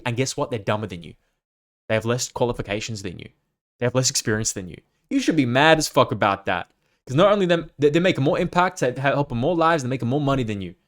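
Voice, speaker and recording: A man hosting his own podcast as a coach, giving a blunt, profane, emphatic unscripted rant. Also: mid-range voice. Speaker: fitness coach and podcast host.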